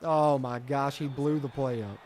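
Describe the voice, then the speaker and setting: Speaking a little slowly in a steady, darkish, medium-pitched voice, this streamer plays a football video game live. He reads chat aloud and swings between frustration and hype.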